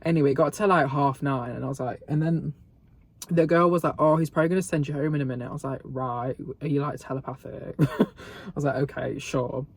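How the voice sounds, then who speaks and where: A man's voice: a little high, steady tone, brisk, gravelly, breathy edge, no room sound. A young man vlogging, telling a gossipy story in a sweary, sarcastic way and laughing often, filmed on a phone camera. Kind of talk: casual storytelling mukbang.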